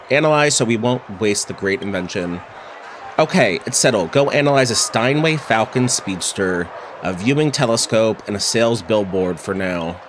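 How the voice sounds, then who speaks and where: Casting: boastful, greedy little inventor, played by a man, pompous and self-important, mid-pitched. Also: a little hiss or hum, lightly acted.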